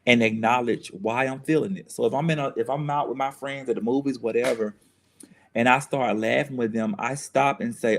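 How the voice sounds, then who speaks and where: A man's voice: medium pitch, steady tone, moderate pace, a little hiss or hum. A man, speaking as a guest in an earnest, reflective conversation, often restarting and repeating phrases as he works through his thoughts.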